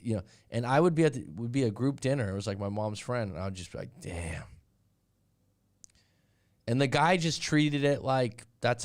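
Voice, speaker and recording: A man's voice: medium pitch, a little mellow. Blunt middle-aged man coaching on dating. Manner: candid, blunt, storytelling with quoted voices. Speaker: dating and breakup coach, live stream host. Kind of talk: casual live-stream monologue.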